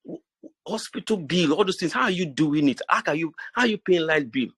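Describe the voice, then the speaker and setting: A man's voice: a little high, lively intonation, fairly quick, a bit bright, slightly rough, dry recording. A middle-aged man with a Nigerian accent, giving a preachy motivational talk to his business group with many restarts and repeated phrases. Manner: preachy and repetitive, stammers and restarts.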